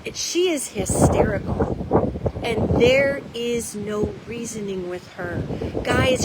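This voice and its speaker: Emphatic high-voiced woman commentator. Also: heavy background noise. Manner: emphatic, urgent, talks straight to viewers as "guys"; folksy and blunt, casual swearing. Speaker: psychic commentator and show host. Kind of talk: direct-to-camera monologue.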